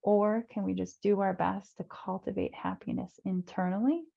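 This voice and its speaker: Gravelly-voiced woman life coach. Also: medium pitch, fairly even intonation, normal speed. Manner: earnest, repeats phrases, acts out inner voices. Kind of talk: webinar talk. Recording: dull lo-fi webinar audio.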